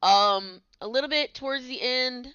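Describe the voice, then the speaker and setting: A woman's voice: sits high, moderate pace, pushed and bright, clear, resonant tone, no echo, muffled recording. A woman in her thirties hosting a podcast, telling her own story in a candid, conversational way. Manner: candid, conversational, with many fillers. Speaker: podcast host. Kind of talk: personal storytelling.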